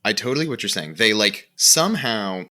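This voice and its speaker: A man's voice: lowish voice, sing-song, moderate pace, bright, forceful tone. A man co-hosting a podcast who gushes effusively about movies in casual chat. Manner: gushing and effusive. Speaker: podcast co-host.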